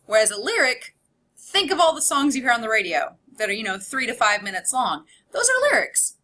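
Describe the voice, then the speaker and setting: A woman's voice: on the high side, very animated, fairly quick, sharp tone. A woman college English instructor giving a recorded online lecture in a conversational way, explaining with examples and asides.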